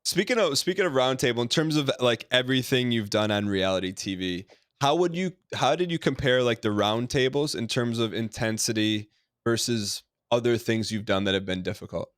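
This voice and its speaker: A man hosting a podcast, working his way through long questions with plenty of restarts and fillers. His voice has a middle pitch, and it is recorded dry and close, with no room sound. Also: animated, moderate pace, a bit bright, clear, resonant tone, dry recording. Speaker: podcast host. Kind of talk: casual interview talk.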